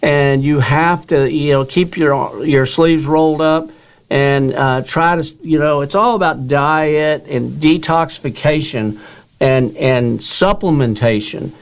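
A man's voice: a little high, takes it slowly, clean tone. An older man, a guest author, telling his own story in an interview and acting out the dialogue he quotes.

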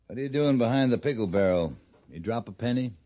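An actor playing a blunt, dryly impatient army captain in a 1950s radio drama. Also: male voice, medium pitch, lively intonation, quick pace, warm tone, close to an everyday voice. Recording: dull old radio broadcast recording.

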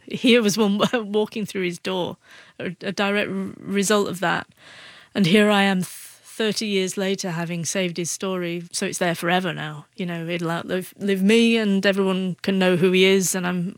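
A woman's voice: mid-range voice, steady tone, moderate pace, no room sound. A woman who stutters, answering questions as a guest author in a radio interview. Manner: speaks with a stutter, repeating first sounds.

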